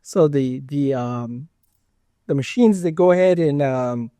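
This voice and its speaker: A man's voice: mid-range voice, unhurried, mellow, no room sound. Rambling guy on an interview, tells it with lots of "you know" and acts out the dialogue, dry close sound. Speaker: guest. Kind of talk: storytelling in a casual interview.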